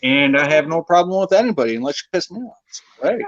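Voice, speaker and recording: A blunt, crude-talking man pitches his channel on a live stream, cursing casually. His voice sits a bit high and comes through dull and lo-fi. The sound is dry. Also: lively intonation, quick pace, no echo. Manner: crude, blunt, lots of swearing. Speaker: stream guest, channel owner.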